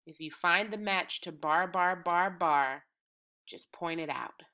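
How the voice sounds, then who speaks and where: Slow, bright-voiced woman teaching toddlers. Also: lowish voice. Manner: encouraging, drawn-out, rhythmic chanting. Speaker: preschool teacher. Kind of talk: slow, sing-song lesson for small children.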